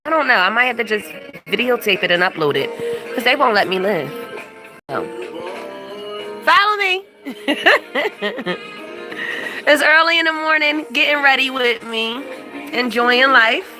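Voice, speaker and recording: A woman's voice: a little high, animated, measured pace, long pauses, bright, forceful tone, soft background music. An older woman vlogging at home, telling stories to the camera in a chatty, dramatic way and acting out what people said. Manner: dramatic, chatty, acts out quotes. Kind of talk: casual storytelling to camera. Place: home living room.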